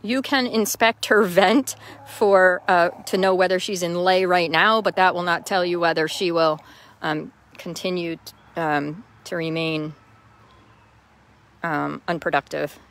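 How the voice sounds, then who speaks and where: A woman's voice: fairly low pitch, steady tone, measured pace, fairly bright tone. Woman, casual live-stream host, outdoors in a chicken yard, chatty, greets viewers by name, phone mic. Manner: chatty, reads out viewer names and answers questions.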